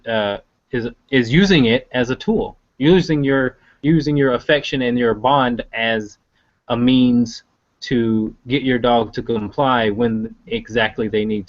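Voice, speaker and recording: Man, dog trainer, co-host, halting with fillers, mid pitch, muffled video call audio. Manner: halting, many fillers and restarts. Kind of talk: casual live video chat.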